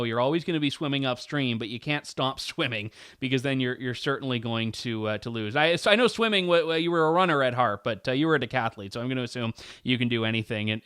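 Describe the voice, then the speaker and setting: A man's voice: medium pitch, a bit bright, clean tone, dry recording, clean studio sound. A man from Canada, host of an interview show, closing out a conversation and signing off in an earnest, chatty way. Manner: earnest, chatty, quick restarts.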